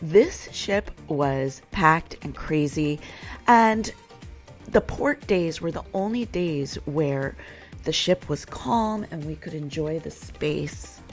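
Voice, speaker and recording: A woman's voice: low-pitched, lively intonation, takes it slowly. A woman hosting a casual travel vlog, chatty and frank, complaining with humor. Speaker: vlog host. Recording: music playing underneath.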